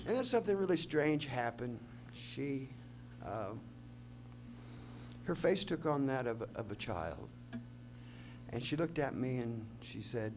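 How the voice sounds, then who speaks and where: A man's voice: medium pitch, lively intonation, a little slow, long pauses, noisy background. A singer-songwriter man telling a long folksy story on a concert stage, rambling and stopping to correct himself. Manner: rambling, folksy, self-interrupting. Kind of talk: live on-stage storytelling between songs.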